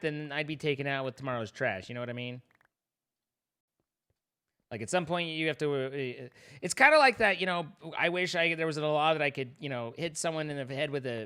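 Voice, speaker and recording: A man's voice: a little high, pushed and bright, smooth. A man chatting casually while streaming a game, rambling and joking at his own expense. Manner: rambling, self-mocking joking to chat. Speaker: livestreamer. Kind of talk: casual gaming livestream chat.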